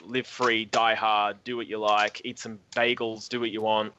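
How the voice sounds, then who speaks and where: A man's voice: lowish voice, little pitch movement, normal speed, sharp tone, lo-fi sound, a little hiss or hum. A man co-hosting a casual comedy podcast, reading odd news items in a mock-announcer way. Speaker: podcast co-host.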